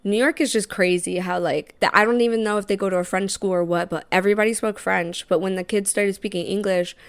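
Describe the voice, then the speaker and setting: A woman's voice: mid-range voice, steady tone, fast, clean tone. A young woman in her twenties co-hosting a podcast, telling stories in casual chat, swearing and laughing often. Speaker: podcast co-host.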